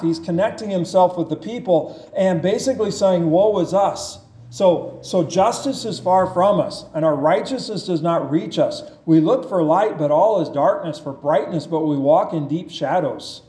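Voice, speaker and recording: A man preaching a sermon, reading scripture aloud and explaining it with slow, emphatic delivery. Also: sits high, darkish tone. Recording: echoey church room.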